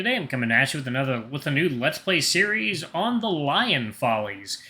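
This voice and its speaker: A man hosting a let's play in a relaxed, chatty way. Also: medium pitch, a little fast, few pauses. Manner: relaxed, chatty, says y'all. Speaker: gaming channel host. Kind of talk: casual let's play chat.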